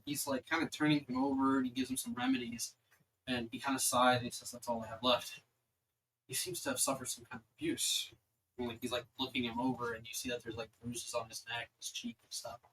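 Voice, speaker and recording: A man's voice: mid-range voice, pushed and bright, a little hiss or hum, rough recording. A young man narrating as dungeon master, rambling with many fillers. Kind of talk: narrating a tabletop game.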